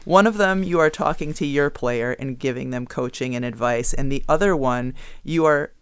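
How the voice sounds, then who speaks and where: Male podcast co-host, casual storyteller, smooth voice, dry sound. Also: medium pitch, normal speed, dry recording. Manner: storytelling, animated when quoting others. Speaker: youth basketball coach. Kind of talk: casual chat.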